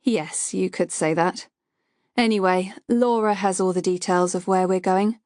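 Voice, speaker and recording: A woman's voice: medium pitch, fairly even intonation, a little slow, a little mellow, no echo, clean studio sound, lightly acted. A woman reading the lines of a friendly male brother-in-law asking a favour over the phone. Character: man, sister's husband, casual and friendly.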